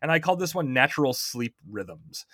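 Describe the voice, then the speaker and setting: A man's voice: medium pitch, big pitch swings, a little fast, pushed and bright, no echo, clean studio sound. A man hosting a podcast, explaining science in a chatty way, quizzing his co-host and often restarting his sentences.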